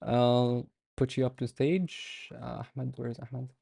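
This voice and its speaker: An Arabic teacher leads a live online class in a gravelly, mellow, medium-pitched voice. His delivery is flat as he explains things patiently, step by step, with frequent pauses. The audio is close and dry, without echo.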